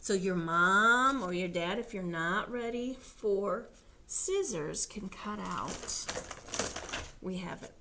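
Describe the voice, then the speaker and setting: A children's librarian reading a storybook aloud to small children in a sing-song way, making animal noises. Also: female voice, mid-range voice, takes it slowly, pushed and bright, slight background noise.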